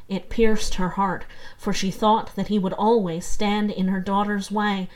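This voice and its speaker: A woman narrates a fairy tale in a calm, measured storybook voice. Her reading is steady and unhurried. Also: medium pitch, poor audio.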